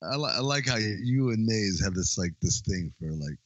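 A man co-hosting a podcast riffs on a movie with lots of swearing and easy laughter. His pitch swings widely as he talks. The sound is close and dry. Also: dry recording, highs cut off. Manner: animated, swearing, quick to laugh. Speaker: podcast co-host. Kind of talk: casual movie chat.

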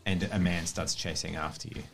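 Low-voiced man running a game. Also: fairly even intonation, vocal fry, faint music behind. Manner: chatty, playful, quick to laugh. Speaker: game master. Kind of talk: narrating a tabletop game.

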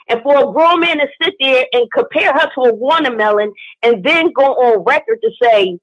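A young woman calling in to a show, earnest and halting, with many fillers as she gives her opinion. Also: sits high, a bit bright, breathy edge. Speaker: caller. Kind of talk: call-in opinion. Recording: muffled phone line.

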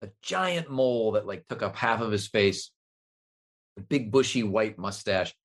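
Animated man telling a joke. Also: lowish voice, a little slow. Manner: animated storyteller, laughs often. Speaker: guest. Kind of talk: casual anecdote, telling a joke.

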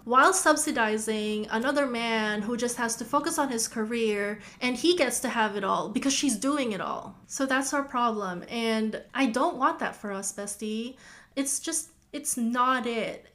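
A woman with a slightly raised pitch hosts her own show in a relaxed, chatty way. She leans on "like" as a filler and speaks straight to the listener as a bestie. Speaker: podcast host. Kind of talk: casual commentary to listeners.

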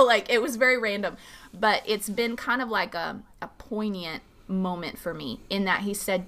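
Animated woman pastor, casual teaching. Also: a little fast. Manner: animated, acts out quoted dialogue with big pitch jumps; casual, many "like" fillers. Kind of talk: conversational faith teaching.

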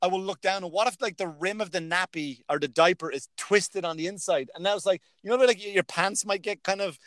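A higher-pitched Irish man in his thirties spins anecdotes in casual chat, peppering them with swearing and bursts of laughter. His voice sits close and dry, with no room sound around it. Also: fairly quick, fairly bright tone, no echo. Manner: profane, laughing storyteller.

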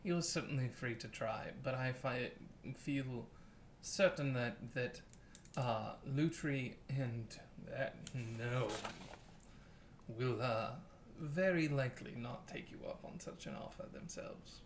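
A man's voice: mid-range voice, slow pace, a little hiss or hum. A man voicing a reserved, secretive traveler who turns down company curtly. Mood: dismissive. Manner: curt, reserved refusals. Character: guarded, secretive male traveler.

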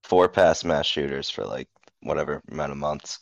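A man's voice: a bass voice, moderate pace, vocal fry, no echo. A young man as a podcast guest, chatting offhandedly with frequent laughs. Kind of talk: casual chat.

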